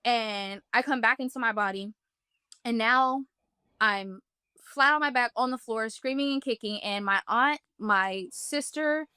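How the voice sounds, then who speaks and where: A woman with a slightly high, bright and forceful voice tells a personal story in the first person. She speaks earnestly and casually, leaning on "like" as she paints each scene. The sound is dry and close, with no room around it. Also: measured pace, smooth, no room sound. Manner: earnest, vivid, many "like" fillers. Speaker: guest telling a personal testimony.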